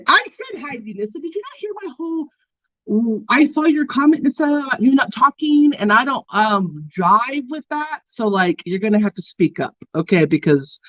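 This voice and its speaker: A woman's voice: medium pitch, fairly bright tone, no echo. Sleepy, teasing woman on a lo-fi stream. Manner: playful and teasing, yawning often. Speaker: livestream host doing makeup. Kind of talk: casual chat with live viewers. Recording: dull, lo-fi and dry.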